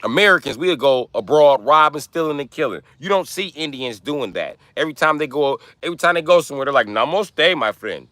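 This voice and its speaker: A man's voice: a little high, animated, quick pace, hardly any pauses, bright, forceful tone, dry recording. A man hosting a livestream, ranting in brash, profane trash talk. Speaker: livestream host. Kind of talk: live-stream rant.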